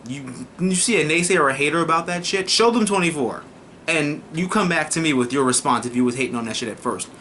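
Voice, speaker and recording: A young man casually reviewing a TV episode, excitable and profane, often slipping into mocking voices. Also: a little high, quick pace, a little hiss or hum. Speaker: TV review vlogger.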